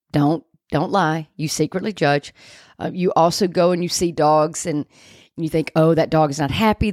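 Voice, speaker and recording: A woman's voice: deep voice, darkish tone, dry recording. A woman hosts a dog-training podcast. She talks in a loose, chatty way, wandering off into joking asides about herself. Her voice sits close and dry on the mic, with no room sound. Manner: chatty, rambling, self-deprecating asides. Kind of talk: casual podcast chat.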